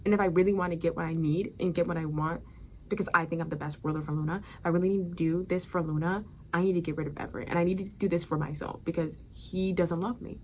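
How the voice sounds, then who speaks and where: A woman voicing a scheming young queen who speaks in a falsely sweet, breathy whisper. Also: fairly low pitch, fairly even intonation, quick pace, dark tone, slight background noise, lightly acted. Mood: cold resolve.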